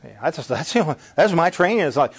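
A man's voice: a little high, animated, fast, slightly rough. A man preaching an emphatic sermon-style talk, firing rhetorical questions and repeating phrases as he presses each point.

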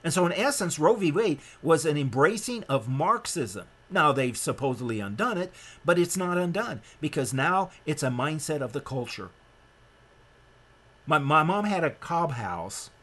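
A man's voice: sing-song, normal speed, fairly bright tone. A man from Nebraska delivers a heated sermon-style lecture in a slightly raised voice. He talks emphatically and in a rambling way, doubling back on his words and restarting sentences as he pushes his point. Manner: emphatic and rambling, with frequent restarts and sudden rises in pitch.

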